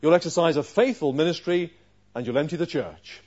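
A man's voice: a little high, brisk. Man preaching, quizzing the congregation. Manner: asks the listeners questions, swings from loud stresses to quiet asides. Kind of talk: expository sermon. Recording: dull lo-fi sermon recording.

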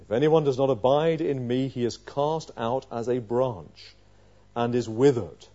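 A man preaching a sermon, emphatic, asking rhetorical questions and swinging between quiet and loud passages. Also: mid-range voice, measured pace, highs cut off.

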